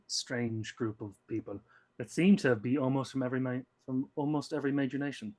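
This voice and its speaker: A man's voice: medium pitch, steady tone, moderate pace, a little mellow. A man player joking and stumbling over his words while role-playing in a tabletop game. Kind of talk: in-character tabletop role-play.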